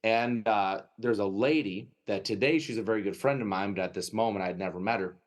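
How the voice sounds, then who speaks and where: A man with a Wisconsin accent, a guest telling a lively anecdote in an interview and often tagging his sentences with "right?". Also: on the low side, brisk. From United States. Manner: lively anecdotal storytelling, frequent "right?" tags. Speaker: guest, dog trainer. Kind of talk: storytelling interview.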